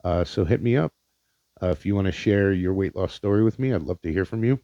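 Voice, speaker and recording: A podcast host from Indiana, Pennsylvania, USA, delivers a casual solo monologue in a deep, mellow voice at a brisk pace. He rambles, swears, and sounds sincere, using many fillers. The recording is dull, lo-fi, and dry, with no echo.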